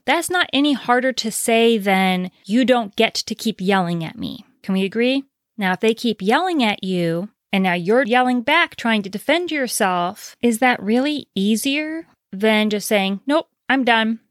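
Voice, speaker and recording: Speaking directly to camera, an earnest woman offers relationship advice, reassuring her listeners and emphatically repeating key points. Her mid-range voice is recorded at studio quality with no room sound.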